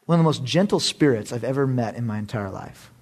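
A male pastor preaching a storytelling sermon in an animated, conversational way, with self-deprecating humor. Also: mid-range voice, fast.

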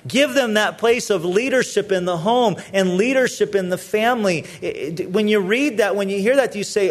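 A male pastor delivers a sermon in a notably high-pitched voice. He speaks earnestly and pleadingly, often doubling words as he presses each point home. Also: a little fast, hardly any pauses.

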